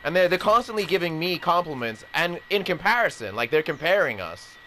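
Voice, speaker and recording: A man's voice: fairly high pitch, big pitch swings, a little fast, bright, forceful tone, slight background noise. A man ranting in a rambling, indignant way, with heavy swearing. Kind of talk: rambling personal rant.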